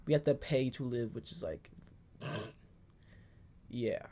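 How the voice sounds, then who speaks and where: A woman's voice: rumbling low, takes it slowly. A woman hosting a reaction video, joking and talking back at the screen in casual commentary. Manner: animated, joking, talks to the screen. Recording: voice over show audio and music. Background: music and show audio.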